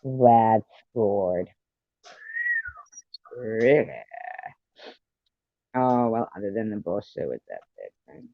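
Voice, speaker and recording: A woman's voice: very deep voice, sing-song, slow pace, pauses often, no room sound. A woman chatting casually on her live stream, teasing, laughing often and swearing freely. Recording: dull, dry lo-fi stream audio.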